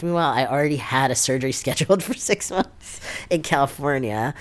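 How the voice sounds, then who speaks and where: A man's voice: mid-range voice, a little fast. A young adult man with a New York accent, telling a personal story in an interview, full of "like" fillers and quoted dialogue. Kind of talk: oral history interview.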